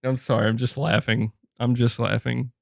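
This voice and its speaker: Speaking a little slowly in a slightly high voice, this gaming commentator is lively and foul-mouthed. He often starts sentences over and lapses into mocking impressions, and the clean studio recording has no echo.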